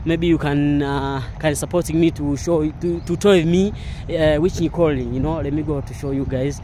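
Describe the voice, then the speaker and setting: A man, vlogging a walking tour outdoors in broken English, full of excited repeated exclamations. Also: fairly high pitch, normal speed, a little hiss or hum. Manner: non-native English, broken grammar. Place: outdoors in a park.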